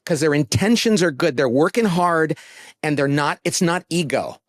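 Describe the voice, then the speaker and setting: A man speaking as an interview guest, expressive and often acting out the voices of the people he quotes. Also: on the high side, moderate pace, dry recording, studio quality. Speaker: guest author. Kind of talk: casual interview chat.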